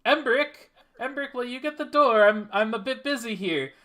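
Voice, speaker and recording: A busy smith shouting from the back of the workshop in a high, bright, harried voice, as a man puts him on. He is part of a tabletop game scene. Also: normal speed. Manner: calling out, harried.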